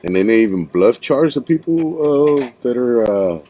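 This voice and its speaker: A man's voice: mid-range voice, expressive, normal speed, dark tone, a little hiss or hum. A man hosting a casual podcast interview, rambling and slangy, calling his guest bro and dude. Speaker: podcast host.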